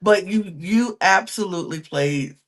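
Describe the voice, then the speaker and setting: A male podcast co-host with a slightly high voice. He speaks earnestly and affirms the guest in relaxed conversation. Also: measured pace. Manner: earnest, affirming remarks and back-channel sounds. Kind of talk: casual podcast interview.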